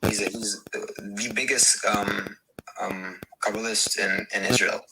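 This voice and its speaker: A man guesting on a podcast, telling a story in a halting way with many repeats and restarts. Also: fairly low pitch, fairly even intonation, crowd noise, rough recording. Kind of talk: casual debate and personal story. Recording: clear background hiss.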